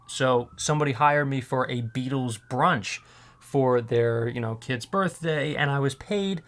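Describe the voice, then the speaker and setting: A man's voice: medium pitch, unhurried, fairly bright tone. Guy with a tired, strained voice, rambly casual vlog chat, lots of ums. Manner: rambling, with many fillers and restarts. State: voice strained and worn out. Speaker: voiceover artist.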